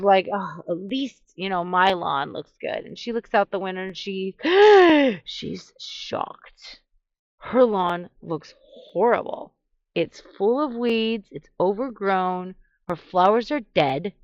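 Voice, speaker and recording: Chatty woman telling a slow story. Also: fairly high pitch, dry recording, highs cut off. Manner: chatty, animated, many "you know" fillers. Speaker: vlogger giving relationship advice. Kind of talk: casual storytelling.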